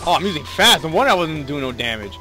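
A young man hosting a gaming video, excitable, laughing and swearing at the game while he plays. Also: fairly high pitch, fast talker, music in the background. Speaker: gaming channel host. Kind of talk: casual gameplay commentary.

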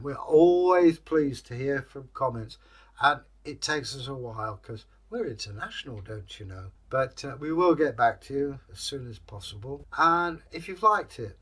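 Male storyteller, channel host, bright voice, chatty, rambling, filler pauses. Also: medium pitch, slightly rough. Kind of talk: folktale storytelling, casual sign-off.

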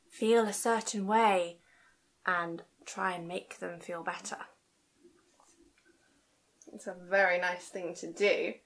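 Indoors at a library, a young woman with a medium-pitched voice hosts a rhyme-time session for small children. She speaks in a gentle sing-song way, adding gasps and hushed asides.

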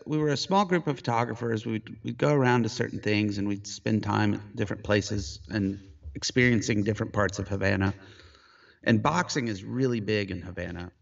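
A middle-aged man, a photographer, telling a story in casual conversation, animated and jumping high in pitch when he quotes himself, heard over a video call. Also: moderate pace, creaky, distant mic, muffled recording. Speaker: photographer guest.

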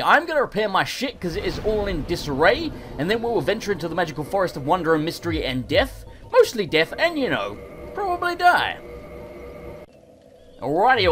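An English man giving excitable, self-mocking gameplay commentary, swearing and laughing often. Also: high voice. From England. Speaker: let's play host.

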